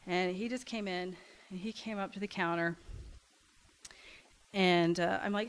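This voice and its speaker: A woman's voice: fairly low pitch, steady tone, unhurried, clear, resonant tone. A middle-aged woman from Kentucky, founder of a community café, giving a talk and telling a story with frequent "um"s and restarts. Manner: warm storytelling with hesitant fillers. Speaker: nonprofit café founder and director. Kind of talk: talk to a congregation.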